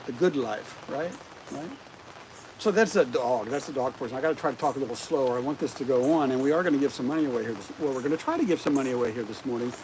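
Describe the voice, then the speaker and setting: Livestream host, man, middle-aged, high-set voice that bounces around, chatty with viewers. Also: rough recording. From United States. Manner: animated, keeps asking the viewers rhetorical questions. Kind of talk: casual livestream chat. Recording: rain noise clearly audible outdoors.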